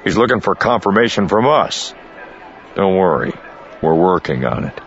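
A man voicing a blunt, gruff male smuggler who answers in terse, growling comebacks. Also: deep voice, very animated, moderate pace, lo-fi sound, voice pushed up.

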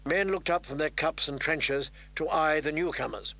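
A man narrating a fantasy novel in a measured, even storytelling voice. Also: fairly high pitch, gravelly, no echo. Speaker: audiobook narrator.

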